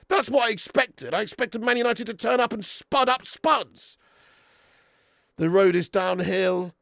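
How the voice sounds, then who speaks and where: Man, fairly high gravelly voice, dry close sound, blunt and sweary, reads chat messages, live stream host. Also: dry recording. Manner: sweary, blunt, bursts into loud rants. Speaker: watch-along host reading live chat.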